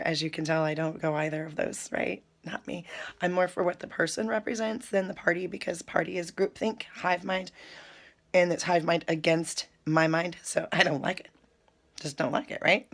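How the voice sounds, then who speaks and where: A woman, chatting to her viewers in an animated, storytelling way while sipping coffee. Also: on the low side. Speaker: spiritual vlogger. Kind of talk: casual spiritual talk to viewers.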